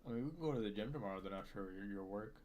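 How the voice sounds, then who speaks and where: A man's voice: lowish voice, lively intonation, rapid-fire, darkish tone, a little hiss or hum. A man in casual late-night chat with a friend, laid-back and slangy with a drawl.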